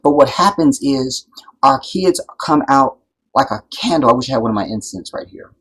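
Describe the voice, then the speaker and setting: A man hosting a live stream, talking in an impassioned, preachy way that builds to loud, emphatic peaks and keeps checking that his listeners follow. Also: medium pitch, lively intonation, moderate pace, breathy edge, poor audio. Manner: preachy, builds to loud emphatic peaks, keeps asking "you see what I'm saying". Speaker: livestream host.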